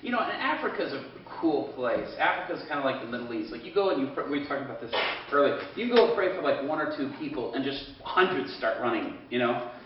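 A man's voice: medium pitch, big pitch swings, fast talker, noisy background. A man preaching through a personal story, chatty and loose, constantly quoting others with "he goes." His voice is far from the mic and rings around a big, very echoey hall. The sound is dull and lo-fi. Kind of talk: storytelling sermon.

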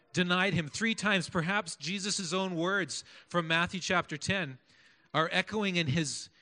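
High-voiced, bright-toned male preacher. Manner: animated, asks the congregation questions. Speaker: pastor. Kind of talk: sermon.

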